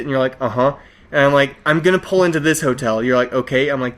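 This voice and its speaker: A fast-talking man with a mid-range voice co-hosts a podcast, telling stories animatedly in casual chat. Laughter comes often, and he acts out the quotes.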